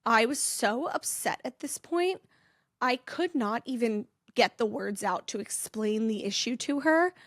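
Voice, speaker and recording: A woman's voice: on the high side, animated, a little slow, dry recording, clean studio sound. A heavily pregnant young woman hosting a casual vlog, rambling and chatty with frequent laughs. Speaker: influencer and podcast host. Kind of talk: casual chat.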